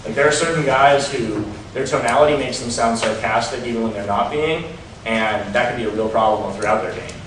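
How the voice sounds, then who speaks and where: A man teaching a seminar in a relaxed, casual way, with lots of ums and likes. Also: medium pitch, fairly quick, a little hiss or hum. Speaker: dating coach. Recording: roomy echo, mic far off.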